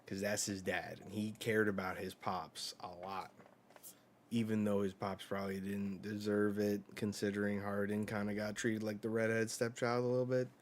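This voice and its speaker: A man hosting a casual live reaction, reading a comic aloud with profane, excitable outbursts. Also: fairly low pitch, normal speed, slight background noise. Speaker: host reacting to a manga chapter.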